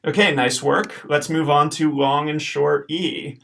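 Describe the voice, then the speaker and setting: A man teaching a recorded homework lesson over slides, explaining step by step in a patient way and checking in with a quick okay. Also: fairly high pitch, steady tone, creaky, fairly bright tone. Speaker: Latin teacher.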